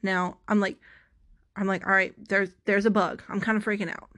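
A woman's voice: mid-range voice, level tone, moderate pace, a bit bright. A young woman vlogger telling a story to camera in a casual, rambling, self-mocking way, full of dramatic asides and restarts.

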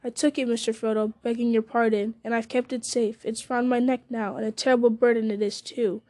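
A woman's voice: fairly high pitch, flat delivery, fairly quick, warm tone, lightly acted. A woman reading the part of a loyal, earnest male hobbit servant who talks plainly and deferentially. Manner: plain-spoken, homely, deferential.

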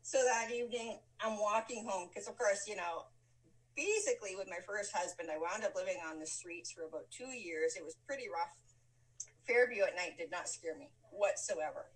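A woman's voice: medium pitch, moderate pace. Lady telling old stories, laughs a lot, does everyone's voices, mic kinda far off. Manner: lively, laughs often, acts out quoted lines. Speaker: guest telling a life story. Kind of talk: casual storytelling chat. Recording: voice from a distant mic.

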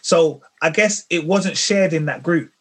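A man, a podcast co-host, speaking in a calm, measured way in casual chat. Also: fairly high pitch, slightly rough.

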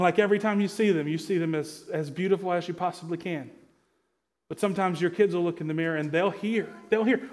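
Man, thirties, pastor, sermon, high voice, conversational, quietly intense emphasis.

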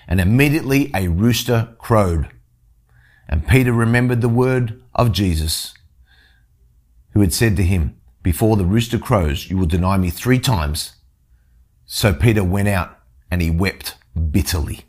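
In a lowish, animated voice at normal speed, a Bible teacher reads scripture aloud before explaining it in an earnest way. He tends to restart his sentences repeatedly.

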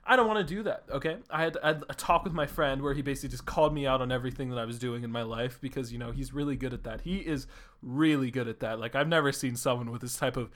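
A young man hosting a solo podcast who talks in an excited, rambling way, swears freely and fills his talk with "like". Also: mid-range voice, fast. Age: young adult. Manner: excitable, rambling, swears a lot, says "like" often. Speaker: podcast host. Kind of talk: casual solo podcast monologue.

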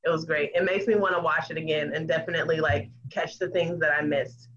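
Podcast guest, casual chat, halting fillers, muffled sound, faint background noise. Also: medium pitch, steady tone, a bit bright.

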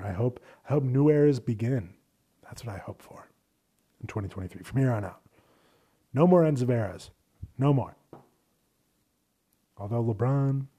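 A young man talks through a casual solo podcast episode, rambling and poking fun at himself, with plenty of swearing. His voice is very dark and mellow, with a husky edge to it. He keeps it loose and conversational at an ordinary pitch. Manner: rambling, self-deprecating, profane.

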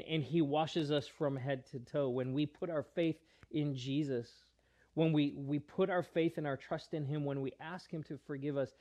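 A male pastor delivers a sermon in a slightly high voice. He explains in an earnest way and often restarts his phrases. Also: mellow.

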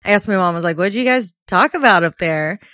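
A young woman in relaxed conversation, her voice mid-pitched and close, with a dry sound and no room around it. She talks openly and emotionally, breaking into laughter often. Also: quick pace, no echo. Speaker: podcast co-host. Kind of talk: casual chat.

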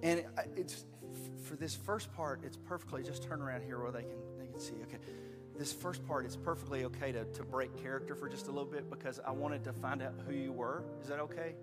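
Long hall reverb and faint music surround this live narration, in which a man guides children through a skit with stage directions. Holding a handheld mic, he stays playful and encouraging and laughs often, speaking briskly in a mid-range voice.

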